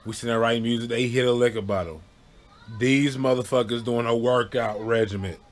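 A man casually telling funny childhood stories, animated, breaking into loud high yelps when he acts out what people said. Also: a little fast. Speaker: storyteller. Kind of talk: casual storytelling to camera.

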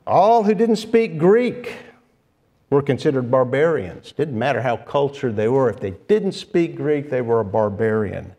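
A male preacher delivers an expository sermon in a church at a notably slow, deliberate pace. His voice sits at an ordinary middle pitch, and he works through his points patiently, pausing and sometimes restarting a phrase. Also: very animated, mellow. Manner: measured, unhurried expository preaching with pauses and restarts.

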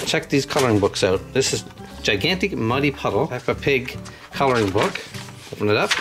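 A man casually unboxing toys and reading a children's storybook aloud, chatting to young viewers as he goes. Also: medium pitch. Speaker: channel host.

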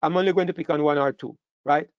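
A man delivers a sermon in a fairly high voice, pushing his pitch and volume up hard whenever he drives a point home and stumbling through restarts along the way. The recording is dry and close, with a dull, muffled tone. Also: steady tone, fast talker, clear, resonant tone, no room sound. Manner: emphatic, rising sharply in pitch and volume on key phrases, with frequent restarts. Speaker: preacher.

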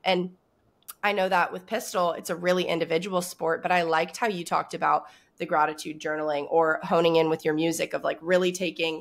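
Gravelly and low-pitched, this podcast host keeps a level tone at a fairly quick pace. She leads a casual interview, speaking warmly, reflectively, and with encouragement.

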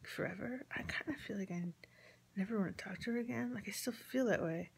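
A woman's voice: mid-range voice, fairly quick, gravelly, slightly rough. Rambling woman recounting family drama. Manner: rambling, quotes conversations, frequent ums, drops to near-whisper. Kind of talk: casual personal storytelling. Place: at home with chickens nearby.

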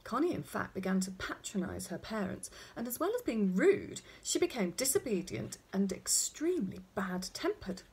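Expressive woman reading a storybook aloud. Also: mid-range voice, moderate pace, few pauses, breathy edge. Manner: expressive, animated. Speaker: narrator.

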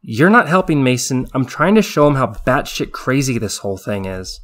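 A man voicing a sharp-tongued female army medic veteran who scolds in exasperation. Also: mid-range voice, sing-song, moderate pace. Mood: scolding.

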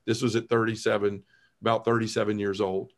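A man in his forties, appearing as a podcast guest, tells the story of his conversion earnestly and with animation, acting out who he used to be. His voice sits on the low side and he talks a little fast.

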